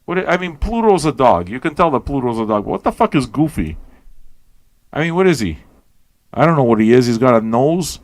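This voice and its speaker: A man hosting a radio show, rambling and swearing as he questions everything aloud, tired and high. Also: sing-song, brisk, dry recording. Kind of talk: casual rambling talk to listeners.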